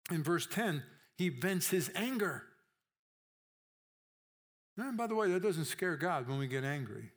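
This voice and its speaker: A man's voice: fairly high pitch, very animated, a little slow. A man preaching a sermon in a conversational way, often checking in with his listeners and acting out the voices he quotes.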